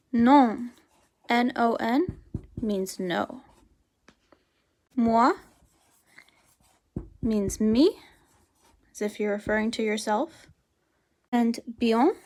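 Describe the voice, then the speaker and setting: A woman teaching a beginner language lesson, explaining step by step in a chatty way and saying example phrases with lively rises. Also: a little high.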